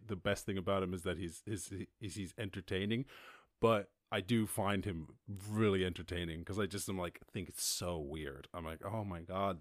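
A man from Ireland hosting a casual livestream chat, rambling, animated and laughing often as he talks. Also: low voice, no echo, studio quality. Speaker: host.

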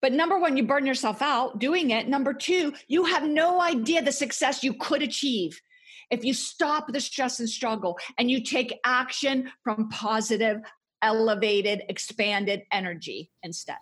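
Woman, podcast guest, emphatic motivational speaker, high, breathy. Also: a little slow, fairly bright tone. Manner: passionate, emphatic motivational talk. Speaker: author and guest. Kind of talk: podcast interview.

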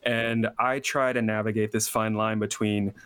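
A man being interviewed as a game developer, explaining his work in a measured, level way. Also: on the low side, flat delivery, fairly bright tone, clear, resonant tone, dry recording. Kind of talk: casual interview chat.

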